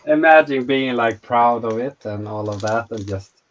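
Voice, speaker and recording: A man's voice: mid-range voice, moderate pace. A man casually listening in and reacting in a laid-back way. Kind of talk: casual chat. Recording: dull, lo-fi.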